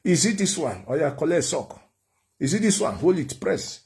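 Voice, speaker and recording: A man's voice: fairly high pitch, sing-song, normal speed, darkish tone. A Nigerian preacher voicing a young wife who coaxes her husband playfully. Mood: coaxing. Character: coaxing, teasing young wife.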